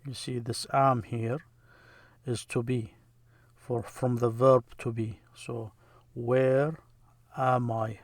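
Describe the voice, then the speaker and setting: A man teaching vocabulary as a language lesson, slow and halting, with many fillers, repeating words for practice. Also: medium pitch, fairly even intonation, no room sound.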